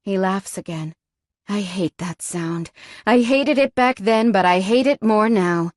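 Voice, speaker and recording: Woman, audiobook narrator, first-person, tense and frightened, slow delivery, dry close studio sound. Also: mid-range voice, lively intonation, no echo.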